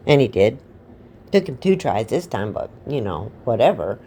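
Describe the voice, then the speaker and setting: Low, lively, offhand woman storyteller. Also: normal speed, slight background noise. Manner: rambling, offhand, irreverent asides. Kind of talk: casual comic storytelling.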